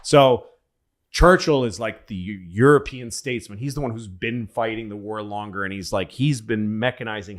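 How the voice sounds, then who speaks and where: A man's voice: on the low side, normal speed. A man co-hosting a comedy podcast, telling a rambling, profane history story with lots of animation. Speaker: podcast co-host.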